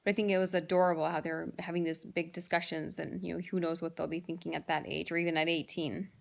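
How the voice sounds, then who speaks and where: A woman's voice: lowish voice, level tone, fast, vocal fry. A woman in her thirties chatting casually to camera, telling amused family stories with lots of fillers and restarts. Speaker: vlogger telling home stories. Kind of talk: casual storytelling monologue.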